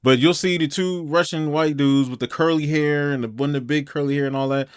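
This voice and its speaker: A man's voice: on the high side, steady tone, fairly quick, smooth, no room sound. Blunt slangy man reacting, dry room. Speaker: reaction commentator. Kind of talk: casual reaction commentary.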